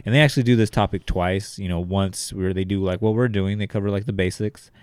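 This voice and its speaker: A man with a fairly low voice chats casually as a podcast co-host. He sounds loose and profane as he rambles through his points. His tone is smooth and resonant, recorded close and dry. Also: fairly even intonation, quick pace, a little mellow, no echo. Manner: laid-back, profane, rambling. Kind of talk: casual chat.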